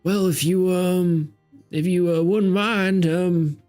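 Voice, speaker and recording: A man voicing a slow, kindly old male farmer with a Southern twang, in a thin crackly voice full of hesitations. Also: high-pitched, fairly even intonation, a little mellow, soft background music, voice pushed up. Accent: put-on Southern twang. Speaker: game master voicing a character.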